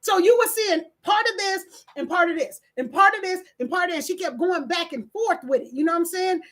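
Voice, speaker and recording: A middle-aged woman talks on a live stream, animated and preachy. Her voice sits high and bright, and she reads the chat between bursts of laughter and shouting. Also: fairly quick.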